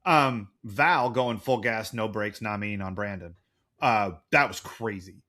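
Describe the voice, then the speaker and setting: A man's voice: fairly low pitch, unhurried, pushed and bright. A man in his forties co-hosting a podcast in casual chat, rambling and jokey. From United States. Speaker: podcast co-host.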